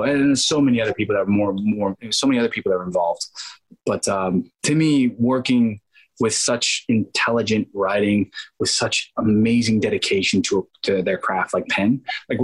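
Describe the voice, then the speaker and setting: Husky low-voiced man telling stories. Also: low-quality recording. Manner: animated, acts out quoted dialogue in other voices. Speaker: actor, interview guest. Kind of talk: casual interview storytelling.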